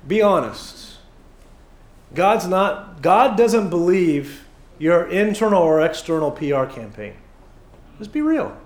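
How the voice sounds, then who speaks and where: A man's voice: high voice, very animated, slow pace, echoey room. A man preaching a sermon in a church, conversational and joking, with many fillers and acted asides. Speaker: pastor. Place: church sanctuary.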